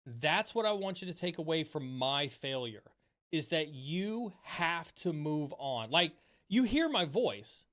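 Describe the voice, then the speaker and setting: This streamer speaks at a measured pace in a fairly high, sing-song voice with a fairly bright tone. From his home setup he delivers a passionate, repetitive pep talk laced with casual swearing, then answers questions from viewers.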